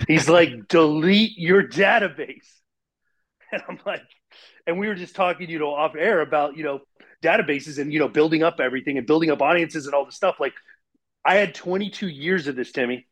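A man in his forties recounts a personal story in a chatty, animated way, with a somewhat high voice. He tumbles through fillers and restarts and slips into the voices of the people he quotes. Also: fairly quick. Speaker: guest. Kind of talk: casual storytelling interview.

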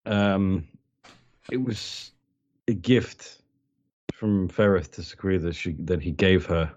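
A man describing his character's actions as a player in a tabletop game, halting and casual, with fillers and crude asides. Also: deep voice, a little mellow. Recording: dull lo-fi mic.

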